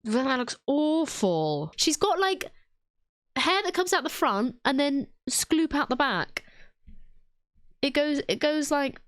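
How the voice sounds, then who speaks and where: A woman's voice: sits high, big pitch swings, slow pace, no room sound, clean studio sound. A young British woman at home giving casual, self-mocking commentary while she draws, thinking aloud and giggling. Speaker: drawing video creator.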